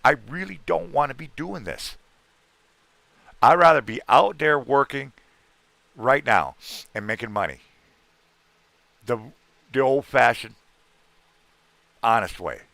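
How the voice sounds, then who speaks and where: A man's voice: mid-range voice, expressive, takes it slowly, creaky, long pauses, pushed and bright, no echo. A middle-aged man hosting a casual livestream chat, talking in a rambling, earnest way and repeating himself. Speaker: livestream host.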